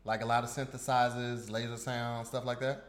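A man co-hosting a podcast in casual chat, upbeat and quick with shout-outs, filling gaps with "uh" and "like". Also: mid-range voice, flat delivery, roomy sound. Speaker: podcast co-host.

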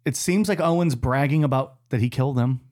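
A man's voice: medium pitch, fairly quick, darkish tone. A man co-hosting a casual podcast chat, curious and joking, asking lots of questions. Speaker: podcast co-host.

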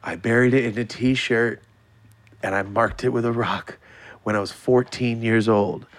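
A man in his late twenties telling a story in casual podcast chat, animated and swearing freely. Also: medium pitch, unhurried. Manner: animated, swears freely, acts out quoted voices.

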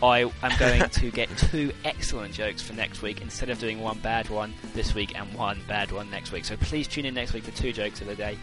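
Uk guy cohosting, jokey and self-mocking, guitar music clearly behind him. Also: lowish voice, fairly even intonation, normal speed, few pauses. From United Kingdom. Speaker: podcast co-host. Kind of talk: casual podcast banter.

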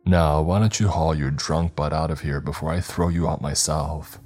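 A man's voice: very deep voice, steady tone, moderate pace, a little mellow. A man voicing a middle-aged male school principal who blusters, then pleads defensively.

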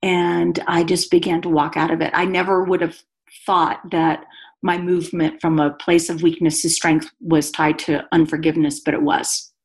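A woman's voice: sits low, flat delivery, moderate pace. A woman guest telling a personal story on a podcast in an earnest, confessional way. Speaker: guest author and speaker.

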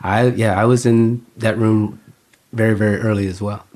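A middle-aged man, an actor and director, telling animated stories in a casual interview, laughing often and acting out quoted exchanges. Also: fairly low pitch, moderate pace. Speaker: actor and film director, guest.

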